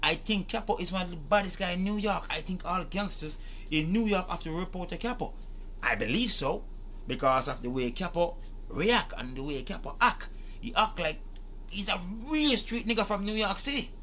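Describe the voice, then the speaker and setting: Emphatic man, bright voice. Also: high voice, expressive, normal speed, a little hiss or hum. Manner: emphatic, rhetorical, repeats questions, swears. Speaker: reaction video host. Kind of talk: animated commentary to camera.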